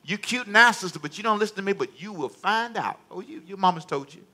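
A man's voice: high-pitched, expressive, quick pace, pushed and bright, voice pushed up, heavily acted. A man putting on the voice of a middle-aged mother, scolding her child sharply. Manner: scolding, sassy.

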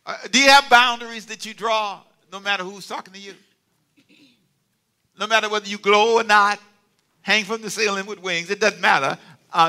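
Animated, bright-voiced male preacher. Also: sits high, normal speed. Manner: animated call-and-response, with playful asides. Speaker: pastor. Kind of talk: sermon.

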